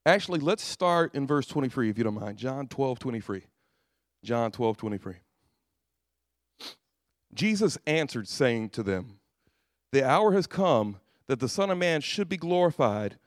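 A man's voice: medium pitch, expressive, measured pace, pauses often, no room sound, studio quality. A man preaching a sermon who tells stories, acts out the voices in them and laughs at his own jokes. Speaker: pastor.

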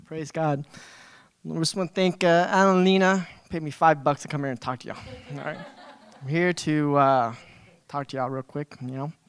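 Smooth, slightly high man. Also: fairly even intonation. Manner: casual, halting, with restarts and fillers. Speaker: church band member giving testimony. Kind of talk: unprepared spoken testimony.

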